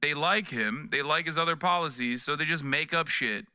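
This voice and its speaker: A man's voice: on the high side, moderate pace, bright, forceful tone, smooth, dry recording. A man in his thirties reacting to news clips on a live stream, sarcastic and profane, close to a desk mic. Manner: profane, sarcastic, mocking voices.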